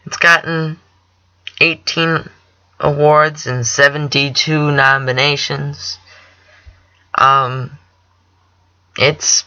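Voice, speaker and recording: A young man hosting his own podcast, chatting about TV shows in a rambling, excitable way and correcting himself often. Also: mid-range voice, lo-fi sound. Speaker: podcast host. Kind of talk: casual solo chat about TV shows.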